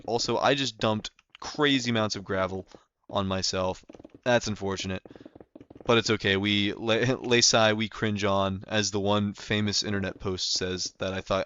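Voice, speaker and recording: A man's voice: sits low, a bit bright, clean tone, dull audio. Rambling young man streaming a game. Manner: rambling, many fillers. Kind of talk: casual live-stream chat.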